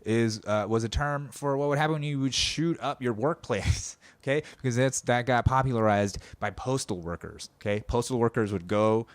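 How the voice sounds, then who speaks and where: A man's voice: medium pitch, moderate pace, hardly any pauses, dry recording. A man hosting a podcast, delivering a sarcastic, profane comedic rant about politics and mocking people as he goes. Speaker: podcast host.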